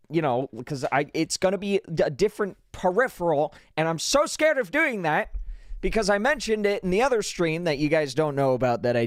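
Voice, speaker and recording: Man, livestream host, excitable rambling, lots of restarts, somewhat high voice, dry close sound. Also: dry recording. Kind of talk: casual live-stream chat. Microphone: dynamic studio broadcast microphone.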